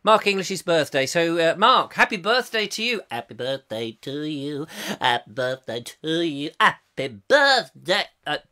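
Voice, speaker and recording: Lively jokey chat-show host, man. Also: a little high, unhurried. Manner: rambling, jokey, self-mocking asides. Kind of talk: live comic chat show, reading viewer comments.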